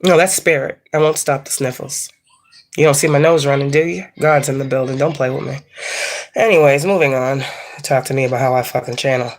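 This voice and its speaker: This psychic tarot reader has an extremely low, steady voice and a brisk delivery. During a casual spiritual reading she rants at her viewers, blunt, heavily profane and scolding.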